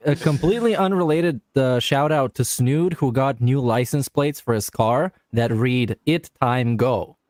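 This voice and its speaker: A man's voice: medium pitch, a little slow, hardly any pauses, darkish tone, no room sound. Podcast guest, man, offhand and dry, close dry sound. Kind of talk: casual podcast banter.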